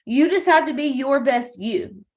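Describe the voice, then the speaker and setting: A woman hosts a company video call and warmly praises the last speaker. Her voice is a little high, and her manner is effusive and encouraging. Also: animated, measured pace.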